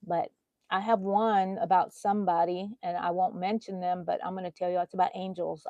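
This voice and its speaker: A middle-aged woman with a drawl talks into a close, dry microphone at home. She chats through a casual livestream, greeting viewers by name in a warm, emotional, reassuring way. Her voice sits at an ordinary middle pitch. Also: dry recording. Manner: chatty, reads out viewer comments by name. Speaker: crochet channel host.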